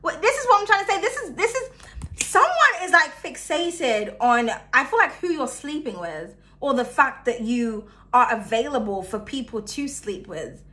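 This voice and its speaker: Chatty bright-voiced woman. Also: high-pitched, expressive, normal speed. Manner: chatty, laughs often, swings between loud and hushed. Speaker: tarot reader. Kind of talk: casual tarot reading.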